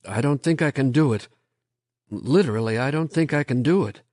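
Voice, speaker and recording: A man voicing a flat, worn-down professor. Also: mid-range voice, dry recording, clean studio sound, close to an everyday voice. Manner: flat, distant, halting. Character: quiet, worn-down middle-aged male professor.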